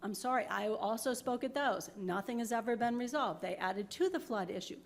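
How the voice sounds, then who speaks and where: Fairly high-pitched and fairly quick, a woman from New York delivers an emotional public comment to the town board through a podium microphone. She sounds apologetic but insistent, and there's a little hiss or hum on the recording.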